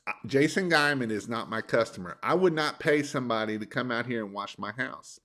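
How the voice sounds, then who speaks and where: A man's voice: medium pitch, lively intonation, a little fast, bright, forceful tone. Folksy man coaching. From Northern Kentucky, USA. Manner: folksy, rambling, plain-spoken. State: sore throat. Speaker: business coach. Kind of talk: motivational live-stream talk.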